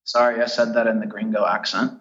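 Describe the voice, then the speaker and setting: Man from the US, guest on a podcast, relaxed storyteller, dull roomy line. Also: lowish voice, fairly quick. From United States. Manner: easygoing storyteller, chatty and detailed. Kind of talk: casual interview chat.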